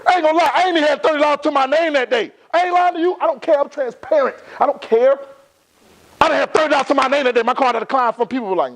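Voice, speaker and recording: Fast, high-voiced motivational speaker man. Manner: emphatic, repeats phrases for effect. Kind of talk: motivational talk to a live audience.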